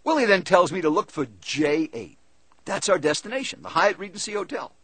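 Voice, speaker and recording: Husky-voiced male speaker, animated storytelling, higher-pitched delivery. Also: brisk, no echo. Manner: lively, conversational, animated storytelling. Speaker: seminar speaker. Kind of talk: first-person storytelling talk.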